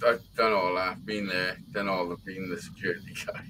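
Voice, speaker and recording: A man's voice: low voice, fairly even intonation, brisk, background noise. A man telling long, rambling anecdotes in casual chat, swearing constantly. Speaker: live show chat participant. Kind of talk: casual profane storytelling.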